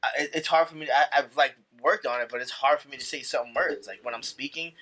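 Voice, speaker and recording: A man's voice: mid-range voice, quick pace, sharp tone. A young man, telling a story in casual, profane chat and repeating himself as he goes. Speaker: podcast guest.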